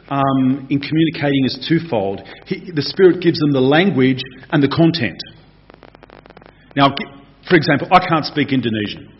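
A man preaching a conversational, animated expository sermon. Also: mid-range voice. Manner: animated, conversational, acts out voices. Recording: dull lo-fi recording.

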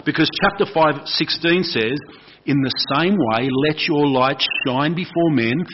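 An Australian man, a pastor, giving a lively, conversational sermon and asking the congregation questions. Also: fairly high pitch, lo-fi sound, background noise.

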